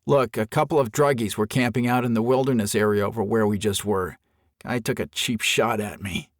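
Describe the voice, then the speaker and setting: A man voicing a calm, level-headed middle-aged male golfer in an audiobook, talking in a weary, reasonable way. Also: fairly low pitch, fairly quick, dry recording, studio quality, close to an everyday voice. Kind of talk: audiobook character voice.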